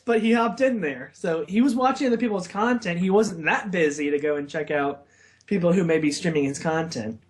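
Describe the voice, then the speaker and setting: A man's voice: sits high, brisk. A young man co-hosting a podcast, rambling in casual chat and laughing often. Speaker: podcast co-host.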